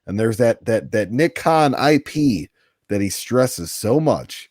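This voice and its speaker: A man's voice: medium pitch, sing-song, takes it slowly, a little mellow, dry recording, clean studio sound. A man co-hosting a podcast, going over news items in a casual chat with easy laughs. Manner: reads out news items, then chats with a laugh. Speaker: podcast co-host.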